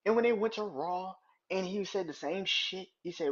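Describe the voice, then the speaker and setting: Male podcast host, husky and animated, casual profane commentary, lo-fi recording. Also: high voice, fairly quick. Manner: animated, swears freely, acts out quotes. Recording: dull lo-fi recording.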